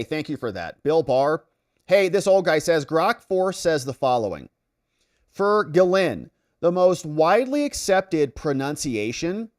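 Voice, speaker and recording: A man's voice: medium pitch, a little mellow. A man hosting a casual livestream, reading out viewer comments and reacting to them. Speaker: livestream host.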